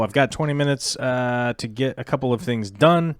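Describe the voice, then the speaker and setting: A man's voice: mid-range voice, normal speed, smooth, dry recording, studio quality. A man hosting a casual aquarium livestream, chatting loosely with many fillers and restarts.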